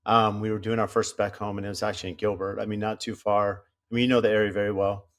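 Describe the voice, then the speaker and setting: A man who builds homes, a guest on a podcast, talking in casual chat in a measured, reflective way. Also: on the low side, flat delivery.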